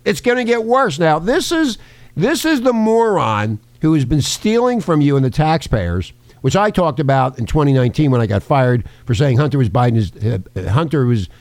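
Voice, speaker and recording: Brief: loud-mouthed talk radio host, mocking and crude, voice swings up and down, dry studio sound. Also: male voice, a little high, very animated, normal speed, no echo. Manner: crude, mocking, rambling, prone to sudden silly voices. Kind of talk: brash talk radio banter. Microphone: studio mic with earpiece.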